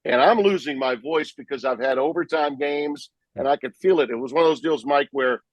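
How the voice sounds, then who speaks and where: A man, a sports broadcaster, telling lively stories about calling games in a podcast interview. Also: fairly high pitch, fairly quick, dry recording, rough recording. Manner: animated, vivid storyteller who acts out his own play calls. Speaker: sportscaster guest.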